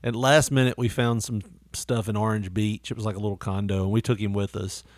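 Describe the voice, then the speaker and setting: A man's voice: lowish voice, steady tone, brisk, dry recording, clean studio sound. A man hosting a casual chat, rambling through stories with frequent swearing and laughter. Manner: rambling storyteller, swears often, laughs a lot. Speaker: podcast host.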